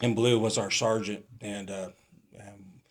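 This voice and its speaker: A middle-aged man from California, a retired police captain, telling animated stories as a podcast guest and laughing often. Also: fairly low pitch, measured pace. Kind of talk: casual storytelling.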